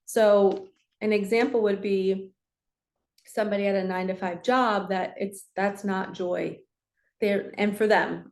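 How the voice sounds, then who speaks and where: Middle-aged woman host, sincere and confiding spiritual talk; medium pitch, echoey room. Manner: earnest, heartfelt, confiding. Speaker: spiritual channel host, card reader. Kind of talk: casual spiritual talk to camera.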